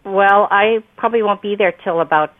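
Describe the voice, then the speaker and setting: A woman's voice: medium pitch, moderate pace, no echo. A woman answering a phone call, polite, puzzled and patient. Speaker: prank call target. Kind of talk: phone conversation. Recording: tinny phone line.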